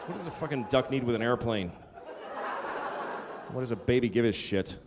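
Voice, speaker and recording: A man's voice: medium pitch, lively intonation, normal speed, noisy background. A male stand-up comedian doing a profane, exasperated rant in a live routine. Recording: live hall with audience laughter.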